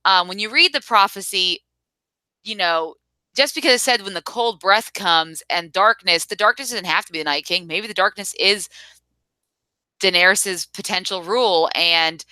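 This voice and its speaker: Bright, smooth-voiced woman co-host. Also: mid-range voice, moderate pace, dry recording. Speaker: podcast co-host. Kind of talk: casual chat reviewing a TV episode.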